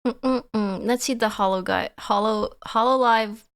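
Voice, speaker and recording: A young woman streamer chatting casually with her viewers, giggly and animated, laughing often. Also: fairly high pitch, a little slow. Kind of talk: casual live-stream chat.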